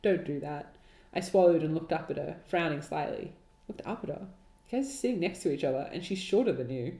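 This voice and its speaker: A woman's voice: sits low, a little fast, warm tone. A woman co-hosting a podcast, reading her old writing aloud with exasperated, laughing, sarcastic asides. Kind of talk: dramatic reading with mocking commentary. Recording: roomy echo.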